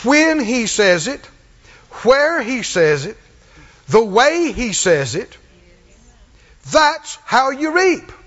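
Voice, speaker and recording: A man's voice: very high-pitched, a bit bright. A man preaching a sermon, emphatic and repetitive, drawing call-and-response from his congregation. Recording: muffled recording in a reverberant hall.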